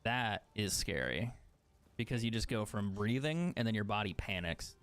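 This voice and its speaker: A man's voice: lowish voice, big pitch swings, normal speed, a bit bright. A man streaming a video game, chatting casually, swearing often and laughing at himself. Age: adult. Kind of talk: casual chat while gaming.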